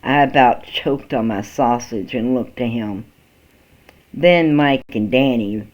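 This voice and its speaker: A man reading a first-person story aloud in a slow, halting way, with small restarts, on a dull lo-fi recording. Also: medium pitch. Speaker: amateur story reader.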